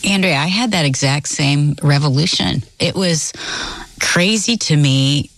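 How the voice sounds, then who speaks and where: A middle-aged woman co-hosting a faith talk show, recalling her own days as a young mother in an animated way. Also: deep voice, a little slow, no room sound.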